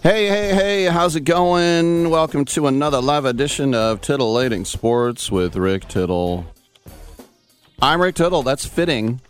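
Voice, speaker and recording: A man hosts a live sports radio show in a lowish voice, full of jokes and quick asides. Faint music plays under his talk. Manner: jokey, exuberant, quick asides. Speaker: host.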